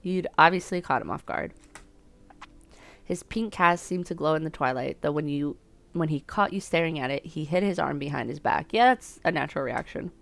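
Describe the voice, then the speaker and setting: Gravelly, self-mocking young woman streamer. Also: deep voice, normal speed. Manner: self-deprecating, chatty, laughs often, talks back to the game. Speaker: streamer playing a dating sim. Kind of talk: casual let's-play commentary and reading game text aloud.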